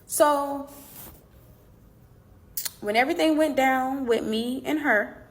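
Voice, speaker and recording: Animated high-voiced woman venting. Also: slow pace. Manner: animated, acts out past conversations, direct to viewers. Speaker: boxer telling her side of a falling-out. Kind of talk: casual storytelling, venting.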